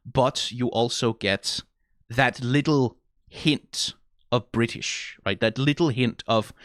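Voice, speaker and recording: A man's voice: medium pitch, fairly bright tone, no echo, clean studio sound. A man with a Danish accent giving casual, rambling reaction commentary, swearing freely and saying "like" often. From Denmark. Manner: rambling and profane, lots of "like". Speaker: reaction video host.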